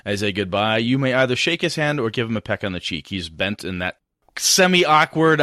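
A man's voice: fairly low pitch, very animated, brisk, bright, forceful tone, dry recording, studio quality. A man running a tabletop game as game master, narrating with wry humor.

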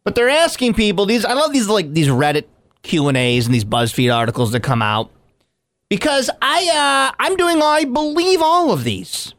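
A man co-hosting a casual radio show, joking and reading weather and sponsor spots in an animated way. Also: sits high, moderate pace, no echo. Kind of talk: casual morning radio banter and live reads.

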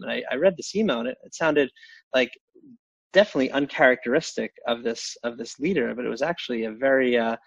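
A man's voice: medium pitch, creaky, no room sound. Guy on a podcast, lots of restarts and ums, dry muffled sound. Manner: halting, many restarts and fillers. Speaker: podcast guest. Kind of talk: casual interview chat.

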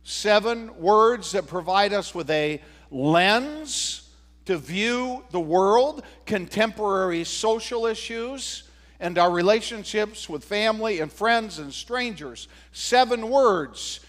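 Slow, high-voiced pastor preaching in a church. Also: male voice, expressive, fairly bright tone. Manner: unhurried, conversational, with fillers and rhetorical questions. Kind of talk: sermon. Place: church sanctuary. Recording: long reverb of a church hall.

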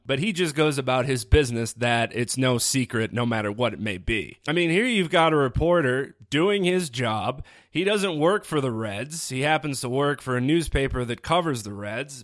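A man's voice: medium pitch, no echo, studio quality. A man hosting a sports podcast alone, talking casually with sarcastic asides. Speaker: podcast host. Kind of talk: solo sports podcast commentary.

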